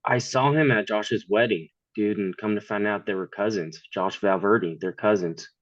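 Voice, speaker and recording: A man's voice: fairly low pitch, moderate pace, no room sound, dull audio. A man in his thirties, a podcast guest, chatting casually in a blunt, profane way and laughing often. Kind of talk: casual chat.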